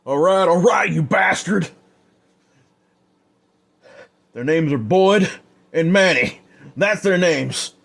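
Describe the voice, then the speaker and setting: A man voicing a brash drunk outlaw in pain, in a strained, raised voice pitched above his own, in an audio story. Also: moderate pace, natural voice. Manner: strained, shouting, defiant.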